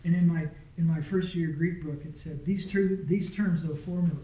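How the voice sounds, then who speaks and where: A slightly high-voiced man with a steady, dark tone teaches at a moderate pace in an echoey room. His small Greek class gets an informal, casual and patient lesson, with regular checks that the students follow.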